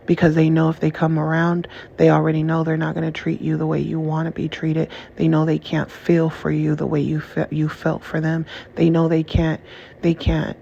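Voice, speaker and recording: Woman ranting to her viewers, flat voice, keeps restarting her sentences, muffled lo-fi sound. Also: low-pitched, vocal fry. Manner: angry, repetitive, restarts often, curses. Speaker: channel host. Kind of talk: emotional personal monologue. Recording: dull lo-fi audio with faint hiss.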